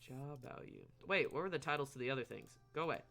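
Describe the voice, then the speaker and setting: A man streaming a video game, chatting casually, joking and reading dialogue aloud with loud reactions. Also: mid-range voice, animated, fast talker, creaky, faint music behind. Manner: chatty, jokey, reacts with outbursts.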